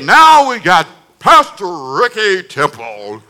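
Animated high-voiced male pastor preaching. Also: normal speed. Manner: animated, humorous storytelling with call-and-response. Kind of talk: sermon.

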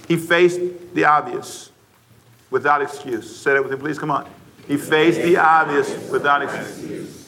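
A man's voice: a little high, bright, forceful tone, slight background noise. A man preaching a sermon to his congregation, stressing points, repeating phrases and calling on the listeners to answer back. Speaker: pastor. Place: church before a congregation.

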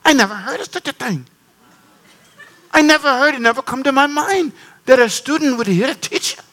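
A man voicing an excited young woman auditor who is earnest and shocked, with high, breathless exclamations. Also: unhurried, heavily acted, poor audio. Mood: astonished.

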